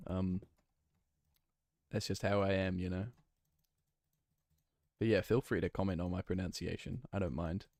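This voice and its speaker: A man's voice: deep voice, flat delivery, measured pace, long pauses, darkish tone, no room sound, clean studio sound. A man from New Zealand with a New Zealand accent, a game streamer chatting casually and rambling playfully, thinking aloud with lots of fillers. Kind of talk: casual chat while playing and reading chat.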